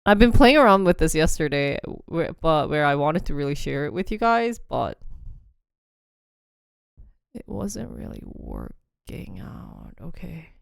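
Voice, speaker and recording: A young woman with a low voice, huge pitch swings, and vocal fry hosts a casual livestream at an unhurried pace. She chats in a rambling way, laughs often, and reads short sample passages aloud to a phone app; the sound is smooth, echo-free, and studio quality.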